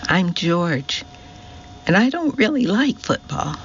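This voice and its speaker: A man's voice: high voice, very animated, takes it slowly, fairly bright tone, highs cut off, slight background noise, pitched above the performer's own voice, full character voice. A male audiobook narrator voicing a small, serious, polite boy. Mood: earnest. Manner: earnest.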